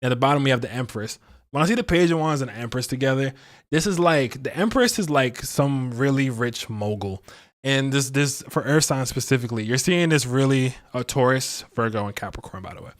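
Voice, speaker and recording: A man hosting a livestream tarot and astrology reading in a casual, chatty way, joking at his own expense and filling pauses with "like" and "um". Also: medium pitch, animated. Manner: chatty and playful, laughs at himself, many fillers.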